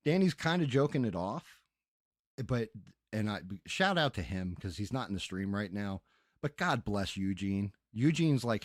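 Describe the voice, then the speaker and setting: Male streamer, lowish voice, dry headset sound, profane exasperated rant. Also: lively intonation, normal speed, no room sound. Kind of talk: casual ranting stream chat.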